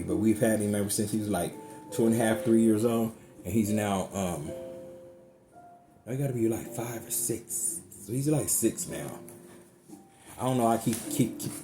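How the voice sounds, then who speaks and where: Guy doing a tarot reading, kinda low voice, chatty, cusses freely, music going behind him. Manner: chatty, emphatic, swears freely. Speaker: tarot card reader. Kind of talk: casual tarot reading to viewers. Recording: music playing underneath.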